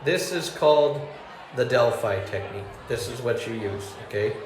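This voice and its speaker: A man's voice: mid-range voice, expressive, moderate pace. A man doing a stand-up comedy monologue, rambling with fillers and restarts, laughing at his own jokes and acting out customer voices. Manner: acts out angry and sweet customer voices. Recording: roomy ambience with faint noise.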